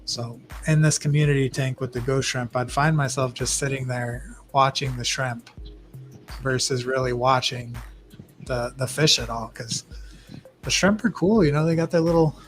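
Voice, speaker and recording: A young man talks casually on a livestream at an ordinary middle pitch. He rambles through stories with lively acted-out quotes. Faint music plays softly behind him. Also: normal speed. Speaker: guest shrimp breeder.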